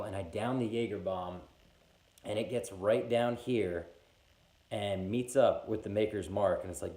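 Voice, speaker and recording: A man in his twenties telling a funny personal story in a casual, animated way, acting out voices as he goes. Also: fairly low pitch, normal speed. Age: 20s. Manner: animated, acts out every voice in the story. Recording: echoey room.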